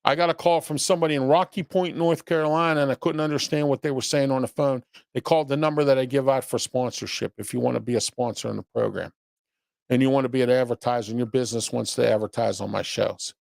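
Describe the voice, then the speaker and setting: A local commentary show host gives opinions and reads viewer chat, bluntly scolding his audience with rhetorical questions and repeated "okay?" while often rambling. His medium-pitched voice is steady and darkish with vocal fry, and he talks quickly. The recording is studio quality with no echo.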